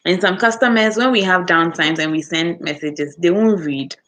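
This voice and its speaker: Ghanaian woman vlogging, chatty and animated, lower voice, acts out her customers. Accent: Ghanaian English. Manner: animated storytelling, acts out customers with quick voice switches and laughter. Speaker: customer service worker, vlogger. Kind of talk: casual chat answering viewer comments.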